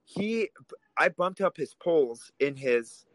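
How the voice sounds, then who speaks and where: A man's voice: on the high side, animated, takes it slowly, dry recording, rough recording. A man from Russia, co-hosting a political podcast and talking in a heated, emphatic way. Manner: heated, emphatic, swears when angry. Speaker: podcast co-host.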